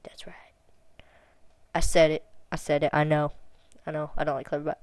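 Mid-pitched voice, casual chat, reading out a chatbot conversation, sarcastic, exasperated, laughing often. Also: little pitch movement, normal speed, a little mellow, slight background noise. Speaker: video host chatting with a chatbot.

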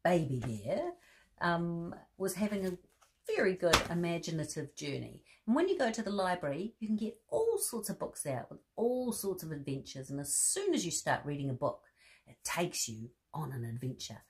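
A woman reading a bedtime story to children, animated and asking the listener questions. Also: on the low side, moderate pace.

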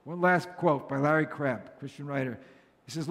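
A man's voice: a little high, normal speed, creaky, a bit bright, big-room sound. A male pastor giving an earnest, conversational sermon, often repeating phrases for emphasis.

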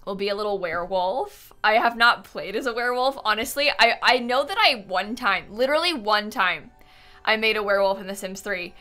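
A woman's voice: medium pitch, fairly quick, pushed and bright. A woman hosting a casual live game stream from home, chatty and rambling with many fillers, thanking her viewers as she goes. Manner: reads out and thanks chat viewers.

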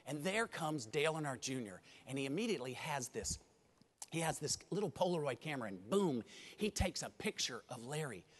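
A man giving a motivational keynote speech at a conference, an animated storyteller who addresses the audience directly. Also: a little high, brisk, breathy edge. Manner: animated storyteller, acts out dialogue. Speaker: keynote speaker. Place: large conference hall. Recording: reverberant hall.

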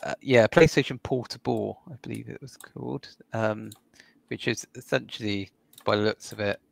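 A man's voice: fairly low pitch, fairly even intonation, moderate pace, creaky. A man co-hosting a gaming podcast, rambling through stories in casual chat and laughing often. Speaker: podcast co-host.

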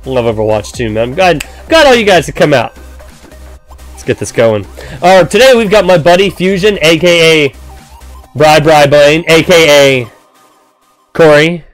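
A man's voice: on the high side, lively intonation, unhurried, long pauses, faint music behind. A man hosting a casual game live stream, chatty and upbeat, greeting viewers by name and explaining with frequent "um"s. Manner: frequent "um" fillers while explaining.

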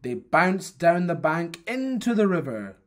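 A storyteller reading a folktale aloud for primary pupils, in a careful, expressive way. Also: mid-range voice, measured pace.

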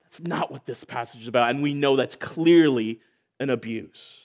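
A man's voice: medium pitch, moderate pace, a little mellow. A man preaching a sermon as a church elder, in a conversational way with joking asides.

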